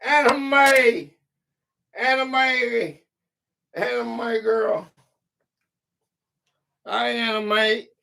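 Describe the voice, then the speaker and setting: A man's voice: extremely high pitch, flat delivery, drawn-out words, gravelly, long pauses, pushed and bright. A man hosting a live-stream quiz game, reading questions aloud, counting out letters and chatting with viewers by name in a casual, easily amused way. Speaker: quiz game livestream host.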